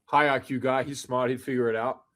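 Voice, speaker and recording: A young man with an Australian accent and an ordinary mid-pitched voice. He answers in short, laid-back bursts, relaxed and unhurried. It is a casual, friendly interview setting. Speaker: basketball player guest.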